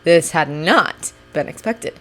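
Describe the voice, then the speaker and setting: A woman's voice: low voice, expressive, slow, a bit bright. Woman narrating a fan audiobook. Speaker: fanfiction reader.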